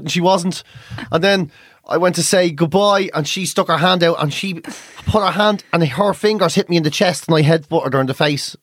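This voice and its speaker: A man's voice: sits high, fairly quick, no echo, clean studio sound. An Irish man, a comedian co-hosting a podcast, telling stories in casual chat and swearing freely. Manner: profane, animated storytelling.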